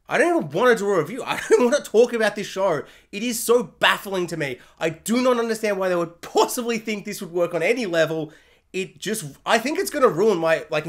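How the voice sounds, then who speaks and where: A woman reviewing a TV episode in a loose, ranting vlog style. She sounds baffled and exasperated, with sarcastic asides. She keeps switching into mocking voices for the characters and writers before dropping back to her plain voice. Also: medium pitch. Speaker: TV review vlogger. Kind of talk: casual spoiler-review rant.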